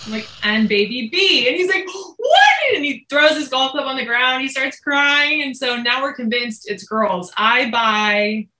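A woman in her thirties, a podcast guest telling a family story in casual, animated conversation. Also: a little high, measured pace, few pauses, echoey room, rough recording. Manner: animated, lots of "like", acts out quoted lines.

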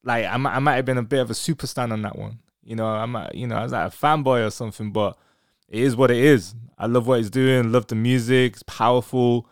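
An enthusiastic man hosts a podcast interview in a casual, effusive way. His voice is smooth and resonant, sitting at an ordinary pitch, and it is recorded dry and close with no room sound. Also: brisk, no echo. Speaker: podcast host.

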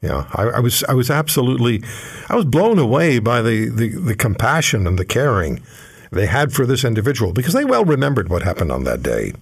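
A man's voice: mid-range voice, big pitch swings, brisk, slightly rough. An older man, hosting a radio talk show and telling a story in an easy conversational way with fillers.

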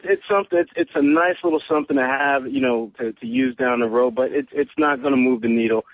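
A medium-pitched male sports reporter phones into a podcast, his analysis full of stammering restarts as he thinks aloud. The line sounds tinny, with no echo.

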